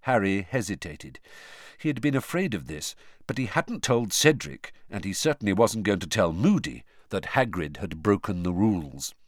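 A man narrating an audiobook with an expressive, varied delivery. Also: on the low side, normal speed, dry recording, studio quality. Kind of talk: storybook narration.

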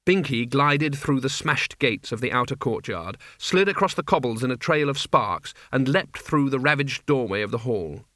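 A man narrating a fantasy novel in a measured, expressive reading. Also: mid-range voice, no echo, clean studio sound. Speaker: audiobook narrator. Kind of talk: scripted narration.

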